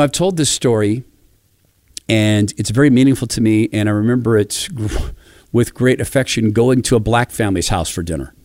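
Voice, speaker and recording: A middle-aged man from Spokane in a reflective monologue, telling animated stories and acting out quoted voices. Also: lowish voice, dry recording, studio quality. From Spokane, Washington, USA.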